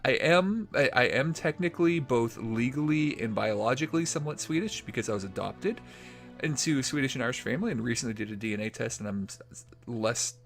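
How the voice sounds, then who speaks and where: A man's voice: mid-range voice, brisk, a bit bright, soft background music. Man giving casual game commentary. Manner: casual, rambling with fillers and restarts. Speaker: gaming channel host. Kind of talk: let's play commentary.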